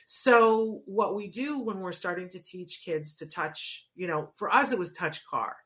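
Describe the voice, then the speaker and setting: A woman's voice: mid-range voice, unhurried, a bit bright. A woman coaching parents on teaching a child words, explaining casually and often checking in with "right?". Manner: conversational, checks in with frequent "right?". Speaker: child language therapy coach.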